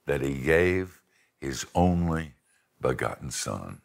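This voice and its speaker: A man's voice: a bass voice, animated, measured pace, creaky. An older man preaching a sermon with folksy, self-deprecating humor and storytelling. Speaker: pastor and seminary teacher.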